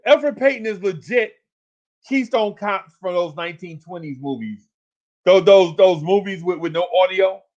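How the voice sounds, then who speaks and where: A man hosts a sports talk livestream in a fairly high voice, ranting with exasperation. He repeats his complaints over and over and climbs into shouts. The audio is dull and lo-fi, like a home stream. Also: moderate pace. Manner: exasperated, repetitive, rising to shouts.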